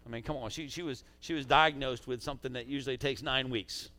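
A man preaching a sermon as pastor, swinging between loud urging and quiet asides in a church sanctuary on a stage mic. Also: mid-range voice, steady tone, brisk, no room sound.

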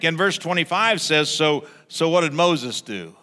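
A man preaching a sermon as pastor, animated, acting out a grumbling crowd in raised voices. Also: on the high side, a little slow, big-room sound.

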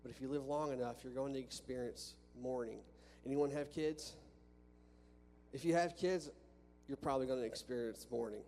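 A man's voice: mid-range voice, moderate pace, mellow, faint music behind. A man preaching a sermon to a congregation in a church, talking conversationally with restarts and rhetorical questions. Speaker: pastor. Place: church sanctuary with a balcony. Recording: long reverb from a church hall with faint hum.

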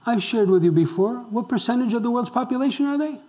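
A man preaching a sermon as pastor, asking the congregation questions and moving between loud emphasis and hushed tones. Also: extremely high pitch, expressive, fast. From raised Roman Catholic. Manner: swings between loud exclamations and hushed near-whispers.

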